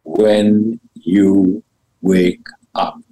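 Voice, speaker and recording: A man with a somewhat low voice teaches spiritual ideas as a podcast guest. He talks emphatically, leaping up in pitch to stress a point and then settling back down, and he mixes blunt casual words into his teaching. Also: little pitch movement, extremely slow, warm tone, rough recording. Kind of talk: animated interview talk about spirituality.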